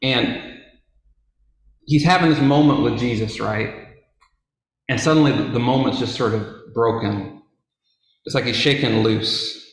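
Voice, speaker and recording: A man retells a Bible story in a relaxed, chatty way, full of fillers and playful asides. His voice sits at a middle pitch. The recording is very echoey, as if made in a bare room. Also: a little slow, pauses often. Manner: casual, conversational, with fillers and asides. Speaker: Bible teacher.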